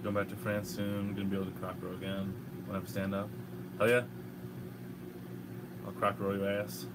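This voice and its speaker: A man's voice: deep voice, monotone, fast talker, heavy background noise. A young man hosting a casual livestream, hungover, reading chat questions aloud and answering in a laid-back, profane way.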